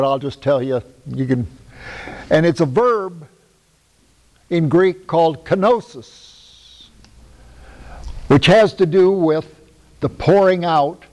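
Emphatic preacher in a reverberant hall. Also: male voice, a little high, slow, long pauses, a little mellow. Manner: emphatic, conversational preaching with rhetorical questions. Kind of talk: sermon.

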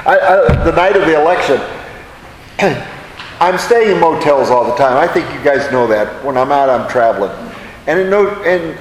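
Man, higher voice, Bible study teacher, conversational, asks the room questions, echoey hall. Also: slight background noise.

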